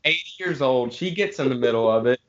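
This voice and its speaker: A man's voice: medium pitch, expressive, dull audio. A man telling a rambling story to friends in a casual, swearing way. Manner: laid-back, swearing, drawn-out pauses.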